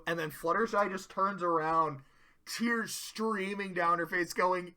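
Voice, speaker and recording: A man with a high, bright voice gives a casual episode recap. He talks in a loose, animated way, swears often, and slips into quick impressions of the characters as he retells scenes. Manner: animated storyteller who swears and acts out quotes. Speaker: video reviewer.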